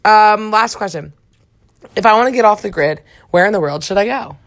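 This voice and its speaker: A young woman co-hosting a casual chat, reading out questions and chatting back quickly. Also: medium pitch, expressive. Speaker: podcast co-host.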